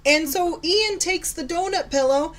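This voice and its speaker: A woman's voice: extremely high pitch, measured pace, a little hiss or hum. A woman in her thirties co-hosting a podcast, talking casually and sarcastically about raising her kids, often laughing as she tells stories. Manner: sarcastic, chatty, laughs while telling stories. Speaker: podcast co-host. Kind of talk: casual chat.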